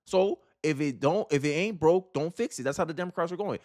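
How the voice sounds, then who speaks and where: Man, political commentary vlog, emphatic, informal, rhetorical questions, slightly high voice. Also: quick pace.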